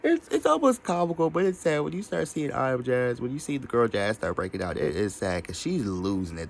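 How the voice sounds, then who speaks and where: A man with a lowish voice rambles through a casual vlog rant, jumping from point to point and cursing freely. A faint hum sits under the recording. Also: fairly bright tone. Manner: scattered, profane, mimics others in quoted voices. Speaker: social media commentator.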